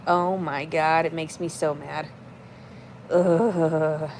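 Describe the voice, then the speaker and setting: A woman's voice: sits low, fairly even intonation, takes it slowly, a little mellow, a little hiss or hum. A woman in her thirties livestreaming in casual chat, reading out comments and answering them in a blunt, profane, rambling way.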